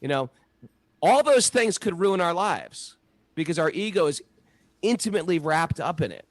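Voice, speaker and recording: A middle-aged man talking casually about spiritual practice, an animated storyteller who acts out the voices in his stories. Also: on the high side, moderate pace. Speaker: podcast co-host.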